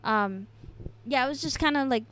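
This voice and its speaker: A young woman with a slightly high voice talks through a casual podcast recap. She is chatty and giggly and fills her pauses with ums and little hedges. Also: fairly bright tone. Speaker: podcast co-host. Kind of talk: casual wrestling recap chat.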